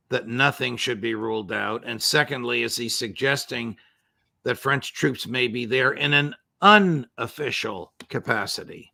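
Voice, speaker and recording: Gravelly bright-voiced male interview host. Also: medium pitch, no echo, clean studio sound. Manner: courteous, measured questioning. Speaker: show host. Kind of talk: remote interview.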